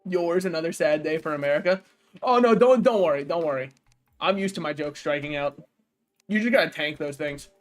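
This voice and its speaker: High-voiced joking young man streamer. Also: a little fast, faint music behind. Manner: joking, rambling, laughs at own jokes. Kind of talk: casual gaming stream chat.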